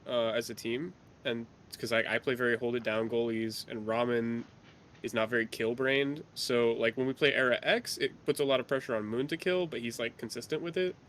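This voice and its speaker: A mid-pitched man talking over voice chat, rambling and hesitant as he explains his team's troubles. A faint rumble hums behind him. He leans on "like" and restarts his sentences often. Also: steady tone, a little fast, a bit bright. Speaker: team player. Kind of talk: casual team discussion.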